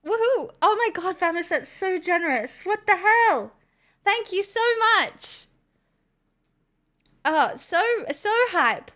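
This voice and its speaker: A woman's voice: very high-pitched, sing-song, slow, pushed and bright, voice pushed up, exaggerated voice. A woman streamer voicing a gushing, giddy version of herself in an exaggerated put-on Irish accent. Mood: excited. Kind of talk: livestream bit.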